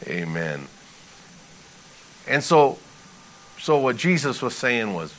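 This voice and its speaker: A man preaching a sermon in an animated, conversational way, reading scripture and pleading with emphasis. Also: medium pitch, slow pace, long pauses, slight background noise, rough recording. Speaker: pastor.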